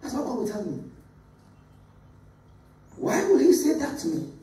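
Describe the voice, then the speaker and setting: An emphatic middle-aged pastor preaching, his pitch swinging widely up and down as he repeats key words. He is caught by a mic set well back, so his voice rings around an echoey church. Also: huge pitch swings, unhurried, warm tone, recorded from a distance. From Ghana. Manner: emphatic preaching with repetition, calls on congregation to read aloud. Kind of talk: sermon. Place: church sanctuary.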